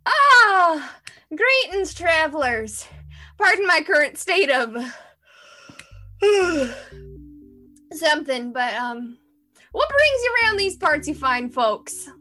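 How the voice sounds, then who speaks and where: A woman voicing a lanky middle-aged male trader with a Southern accent and a smooth salesman patter. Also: very high voice, big pitch swings, takes it slowly, long pauses, bright, forceful tone, soft background music, exaggerated voice. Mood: drowsy welcoming. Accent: American Southern.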